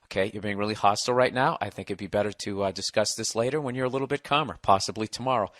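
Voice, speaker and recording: A man doing a smug, hushed calm boyfriend. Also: lowish voice, no room sound, voice pushed down, natural voice. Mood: smugly calm. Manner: soft, smug and measured. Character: falsely calm, patronizing boyfriend mid-argument.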